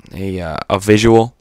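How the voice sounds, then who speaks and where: A man's voice: fairly low pitch, a little mellow, no echo. A man giving unscripted gameplay commentary, rambling and stuttery with lots of fillers and casual swearing. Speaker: gaming commentator.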